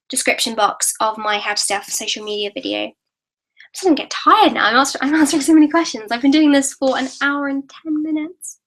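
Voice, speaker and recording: Teenage girl, high voice, live-stream Q&A, chatty and giggly, computer webcam mic. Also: bright, forceful tone, low-quality recording. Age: teens. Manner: chatty and giggly, with quick restarts and self-deprecating asides. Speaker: YouTuber hosting a live Q&A. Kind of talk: casual live-stream chat, reading viewer comments aloud.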